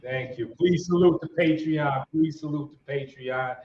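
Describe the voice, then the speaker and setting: A man's voice: a little high, normal speed, a little mellow, slight background noise. A man hosting a casual live stream, hyping up the show and saluting viewers from the chat. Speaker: host. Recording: roomy, muffled home stream audio.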